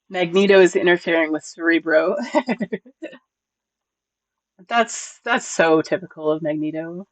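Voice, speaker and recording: A streamer talks casually with viewers in a playful, chatty way and laughs often. The voice sits at a middle pitch. It is recorded close and dry, with no room sound. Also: unhurried, pauses often, no room sound.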